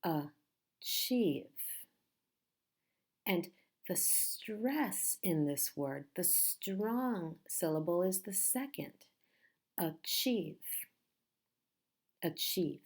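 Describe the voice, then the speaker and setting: A woman teaching a pronunciation lesson, speaking slowly and patiently and repeating each word carefully. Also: on the low side, lively intonation, a little mellow.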